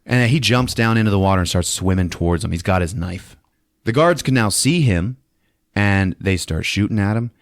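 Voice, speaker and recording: Podcast host, man, casual movie recap, swears, acts out scenes, low voice, lively intonation. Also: moderate pace, dry recording, studio quality. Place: podcast studio.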